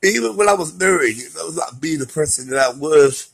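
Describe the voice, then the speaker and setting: A man's voice: fairly high pitch, lively intonation, fairly quick, vocal fry, slightly rough, rough recording. A middle-aged man talking through his recovery in a rambling, heartfelt, slangy monologue. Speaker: vlogger sharing recovery story. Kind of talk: emotional personal monologue.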